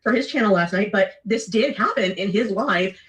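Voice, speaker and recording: Woman guest, measured explanatory tone, distant mic sound. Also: mid-range voice. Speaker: guest caller.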